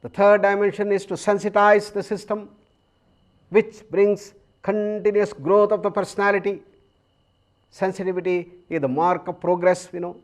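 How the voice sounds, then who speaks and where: Man, indian english accent, yoga teacher, calm measured lecture, slightly high voice. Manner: calm, measured explanation with long pauses; chants Sanskrit verses slowly.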